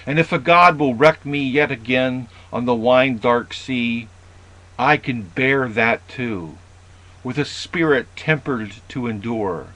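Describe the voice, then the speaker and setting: A man reads out the words of a weary, resolute hero with slow, firm declamation. The delivery is loud and unhurried, and his voice sits at a middling pitch. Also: low-quality recording. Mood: solemn. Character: weary, resolute male hero speaking to a goddess.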